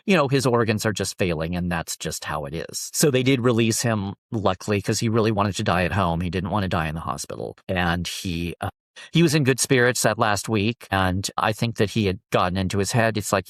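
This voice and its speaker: A man as an interview guest, telling a heartfelt personal story in an earnest, halting way, often restarting his sentences. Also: fairly low pitch, no echo, studio quality.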